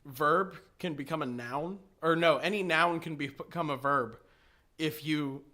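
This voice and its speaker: A man with a fairly high, bright, forceful voice, chatting on a podcast. He reads out funny lines from his phone with an amused, laughing delivery. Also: unhurried. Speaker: podcast participant. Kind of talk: casual podcast chat.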